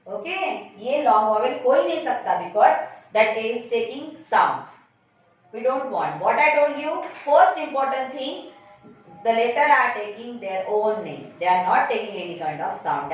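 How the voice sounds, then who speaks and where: A woman with an Indian English accent teaches phonics to small children, speaking slowly with a bright, lively lilt. She sits back from the microphone, and the recording sounds dull and very echoey. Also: on the high side, distant mic. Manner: slow, coaxing teacher talk that asks and answers its own questions. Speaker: kindergarten teacher. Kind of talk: online phonics lesson for young children.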